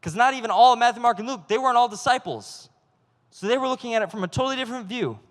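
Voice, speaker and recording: A man's voice: extremely high pitch, animated, racing, fairly bright tone. A young man preaching a casual youth sermon, playful and joking, acting out little quotes. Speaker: youth pastor. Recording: long hall reverb.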